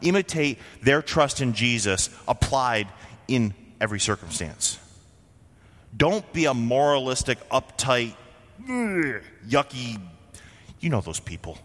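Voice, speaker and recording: A man's voice: medium pitch, lively intonation, measured pace, fairly bright tone, long reverb tail. A man from Vermont preaching a sermon as a pastor, in a conversational way with frequent rhetorical questions. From Vermont, USA.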